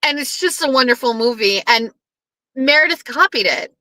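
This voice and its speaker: A woman hosting a casual commentary show, telling stories in an animated way, acting out quotes and swearing bluntly. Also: high voice, normal speed, dry recording, rough recording. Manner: animated storyteller who acts out quoted lines, blunt and profane. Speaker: podcast host.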